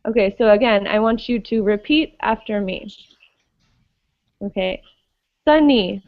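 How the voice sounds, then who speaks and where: A woman's voice: mid-range voice, fairly even intonation, measured pace, no room sound, phone-quality sound. A woman teaching an English pronunciation class, patiently explaining and often checking understanding with "okay?".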